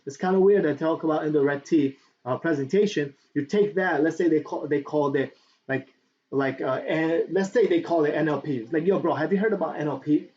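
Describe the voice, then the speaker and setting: In a casual affiliate marketing lesson filmed on camera, a man with a slightly high voice speaks at ordinary speed, chatting, repeating himself and asking "right?" again and again. He's animated and reaches for books as he goes, and the sound is dull lo-fi with faint background noise.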